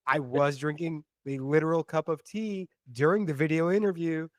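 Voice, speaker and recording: Wisecracking man with a higher voice. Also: normal speed, no room sound, clean studio sound. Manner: joking, deadpan quips. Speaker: podcast co-host. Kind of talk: casual podcast chat.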